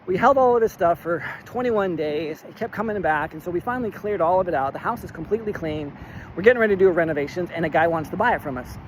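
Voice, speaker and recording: A man in a casual vlog, retelling a phone argument in an animated, exasperated way and acting out both sides of the dialogue. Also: high-pitched, fast, a little hiss or hum, rough recording. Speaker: real estate investor.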